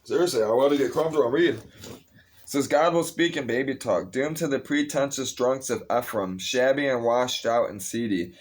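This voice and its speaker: A man's voice: medium pitch, moderate pace. A man casually reading scripture aloud, breaking off with blunt, profane asides and restarting his phrases. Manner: restless, interrupts himself and restarts phrases. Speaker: Bible reader.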